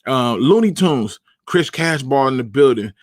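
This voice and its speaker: A man hosting a live sports talk stream, chatting casually with slang and repeated starts, giving shout-outs and opinions. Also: mid-range voice, animated, measured pace, no room sound, studio quality. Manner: conversational, repeats himself, uses slang. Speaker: podcast host.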